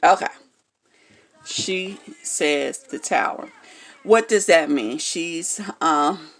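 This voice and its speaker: Low, gravelly-voiced blunt woman. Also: extremely slow. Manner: blunt, frank, swears freely; keeps checking in with "okay?". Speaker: tarot card reader. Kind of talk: casual instructional vlog.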